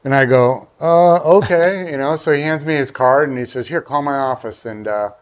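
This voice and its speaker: A man's voice: mid-range voice, moderate pace, smooth. A man telling a long, rambling golf anecdote in casual chat, acting out the people he quotes. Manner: rambling storyteller, acts out quoted voices. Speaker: guest golfer.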